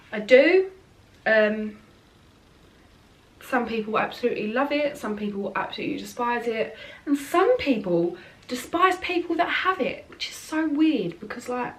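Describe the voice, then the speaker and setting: A woman's voice: fairly high pitch, distant mic. Chatty woman, slightly off-mic. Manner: frank and chatty, rambling with fillers. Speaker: beauty vlogger. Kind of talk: casual chat while doing makeup.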